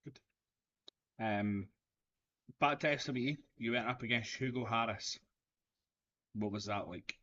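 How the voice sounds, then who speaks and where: A man hosts a podcast interview, keeping his questions short and casual. His voice is bright and sharp, with a medium pitch, and the audio sounds dull and lo-fi. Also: measured pace, long pauses. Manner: brief, prompting questions.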